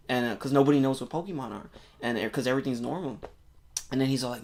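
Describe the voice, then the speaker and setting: Chatting on a podcast, a male co-host eagerly runs through a movie's plot, rambling along with plenty of filler and swearing. His voice sits in the middle range and he talks quickly.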